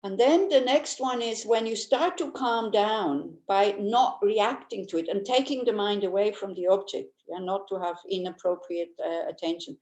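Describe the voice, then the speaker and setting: Her voice is medium-pitched and a little mellow, moving at a moderate pace with few pauses. An older woman leads an informal Buddhist talk in a roomy, echoing space, chatty and humorous, sharing anecdotes, laughing easily, and frequently starting over mid-thought.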